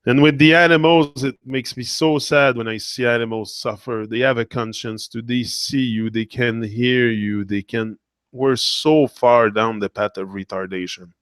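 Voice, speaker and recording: A man's voice: mid-range voice, steady tone, moderate pace, a bit bright, clean tone, no room sound. Earnest man in a dry monologue. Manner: earnest, repetitive, emotional. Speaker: motivational speaker. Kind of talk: impassioned monologue.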